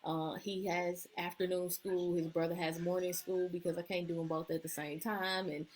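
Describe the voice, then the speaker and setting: A woman coach speaks on a live stream from her kitchen table, her voice a little low. She talks in a loose, easygoing way, full of ums and uhs, offering encouragement. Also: level tone, moderate pace. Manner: warm-hearted, loose, with many ums and uhs. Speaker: leadership and empowerment coach. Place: at home at a table with children nearby.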